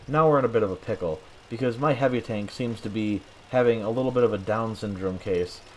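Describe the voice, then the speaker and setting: Young man, tired late-night game commentary, monotone, lowish voice, faint background hum. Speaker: gameplay commentator. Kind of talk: gameplay commentary.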